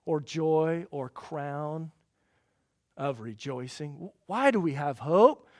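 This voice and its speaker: High-voiced preacher swinging loud to soft. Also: male voice, lively intonation, slow, no room sound, clean studio sound. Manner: swings from loud emphatic peaks to quiet low passages; rhetorical questions to the congregation. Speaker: pastor. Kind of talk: sermon.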